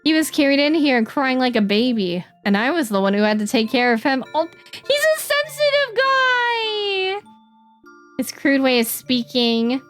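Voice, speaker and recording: A woman streaming a game, chatting casually and reading the dialogue aloud in quick playful voices. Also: a little high, soft background music.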